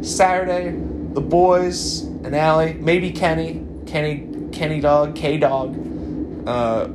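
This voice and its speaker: A man's voice: fairly high pitch, a little hiss or hum. A young adult man hosting a podcast, chatting casually in a rambling, wry way with many fillers. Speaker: podcast host. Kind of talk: casual chat.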